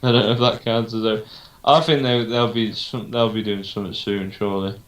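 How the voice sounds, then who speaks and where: A man's voice: lowish voice, fairly even intonation, brisk. Casual young male podcast co-host who rambles, second-guesses himself and fills gaps with ums; recorded in a roomy space. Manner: rambling, unsure, thinks aloud with many ums. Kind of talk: casual chat.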